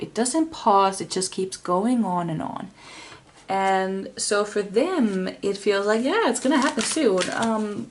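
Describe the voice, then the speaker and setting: A woman's voice: mid-range voice, darkish tone. Rambling woman giving a tarot reading. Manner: rambling, with many fillers and restarts. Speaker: tarot reader. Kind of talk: casual tarot reading to camera.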